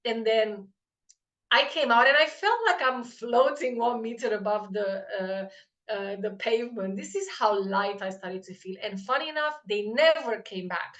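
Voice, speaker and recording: A woman in casual conversation, telling a personal story with lots of fillers and animated quoted voices. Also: a little high, moderate pace. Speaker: podcast host.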